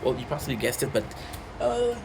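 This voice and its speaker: A man talking off the cuff on a livestream, drifting from point to point at an ordinary, middling pitch. He keeps checking in with his chat through rhetorical questions, over a faint hiss behind him. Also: normal speed. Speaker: gaming streamer.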